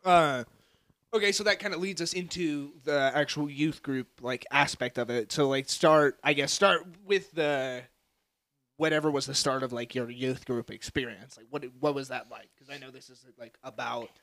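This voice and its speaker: A man's voice: medium pitch, moderate pace, a bit bright, dry recording. A young man hosting a casual podcast, asking questions with lots of fillers, joking and swearing. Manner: joking, puts on mock voices, swears, hesitant fillers. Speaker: podcast host, interviewer.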